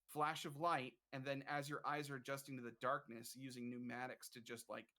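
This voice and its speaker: A man's voice: mid-range voice, level tone, fairly quick, bright, forceful tone. A man in a casual stream chat, eagerly explaining theme park ride effects in detail. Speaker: streamer guest.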